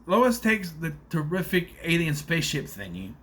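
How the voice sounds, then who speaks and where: A man reviews a movie in a loose, exasperated ramble full of uhs and nitpicks. His voice sits a little high and sounds bright and forceful. His pitch jumps around in a lively way. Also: normal speed. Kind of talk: casual spoiler review rant.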